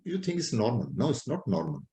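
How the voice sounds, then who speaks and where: A male doctor giving a clinical lecture, animated and teasing as he acts out his examples. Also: medium pitch, a little fast. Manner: lively, animated, playful teasing. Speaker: doctor teaching a class. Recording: roomy echo.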